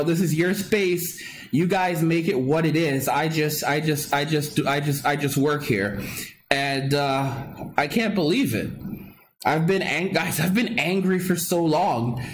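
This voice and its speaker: Guy streaming live, kinda high voice, rambles and repeats stuff, faint noise in the back. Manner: rambling and repetitive, with frequent restarts and laughs. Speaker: livestream host. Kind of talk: casual live-stream chat, reading chat comments.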